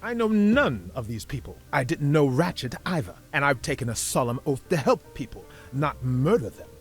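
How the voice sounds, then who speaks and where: A man voicing a defensive doctor under suspicion in a video game, quick and indignant. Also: on the high side, sing-song, faint music behind.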